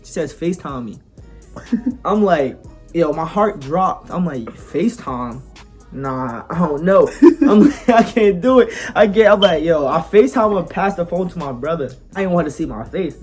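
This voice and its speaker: A man's voice: on the high side, expressive, normal speed, husky, soft background music. A young man, a podcast co-host, telling a story in a laid-back, slangy way, often laughing as he talks. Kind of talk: casual storytelling chat.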